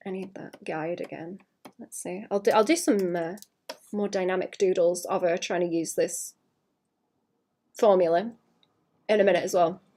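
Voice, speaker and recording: A woman's voice: medium pitch, a little mellow. Rambling woman chatting while she draws. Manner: rambling, chatty, trails off mid-thought. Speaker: art streamer. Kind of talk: casual live-stream chat while drawing.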